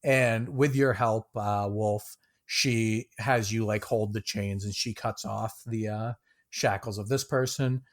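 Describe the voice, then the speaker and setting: A man's voice: lowish voice, steady tone, slow. A man narrating a tabletop game as game master, casual and loose, with many fillers and small laughs.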